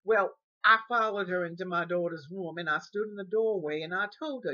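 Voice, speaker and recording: A woman's voice: fairly low pitch, brisk, few pauses, pushed and bright, lo-fi sound. An older woman telling a personal story, often repeating words and restarting, and acting out the speech of others.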